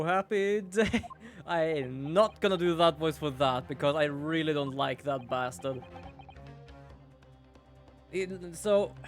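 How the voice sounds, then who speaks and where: Young male streamer, casual and self-deprecating, slightly high voice. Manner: chatty, rambling, self-deprecating. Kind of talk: casual gameplay commentary.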